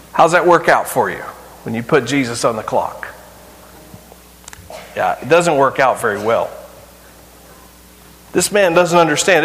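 A middle-aged man preaching a sermon as pastor, pressing rhetorical questions and swinging between loud and hushed delivery. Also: a little high. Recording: long hall reverb.

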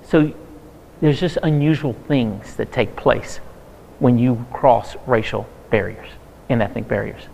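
A man's voice: mid-range voice, measured pace, creaky, darkish tone, a little hiss or hum. A male pastor, telling stories in a sermon and acting out the voices he quotes with a touch of humor. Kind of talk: sermon-style talk to a church audience. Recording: long reverb of a large hall.

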